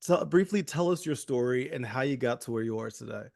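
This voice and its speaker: A man's voice: medium pitch, expressive, a little fast, vocal fry, a little mellow, no room sound, clean studio sound. A man hosting a podcast interview who eagerly affirms his guest and laughs along. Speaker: podcast host.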